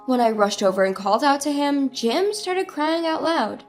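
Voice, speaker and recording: A woman's voice: high-pitched, normal speed, few pauses, soft background music. A woman telling a first-person story in earnest, dramatic scripted narration.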